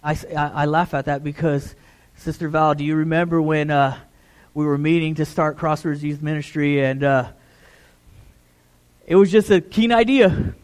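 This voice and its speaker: Middle-aged guy preaching, chatty, keeps saying right?, voice sits a bit high. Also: little pitch movement, normal speed, clean tone. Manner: conversational, repeats "right?" to the congregation. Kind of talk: sermon.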